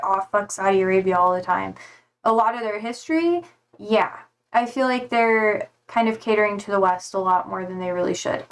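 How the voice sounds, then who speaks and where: A tired young woman livestreams in a medium-pitched, slightly hoarse voice, casually reading out viewer comments. Her talk rambles and hesitates, packed with fillers and swear words.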